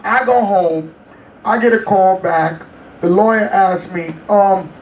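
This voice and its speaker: A man as an interview guest, telling a story in a casual, animated way, laughing and acting out quotes. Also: high-pitched, takes it slowly, lo-fi sound. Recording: roomy, distant mic, faint noise.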